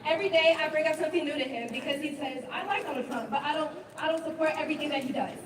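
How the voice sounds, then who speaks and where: A woman's voice: high-pitched, very fast. A woman giving a nervous but fiery speech at an outdoor protest, often asking the crowd "all right?". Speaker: protest speaker. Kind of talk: impassioned rally speech. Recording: echoey, distant, loud crowd and street noise.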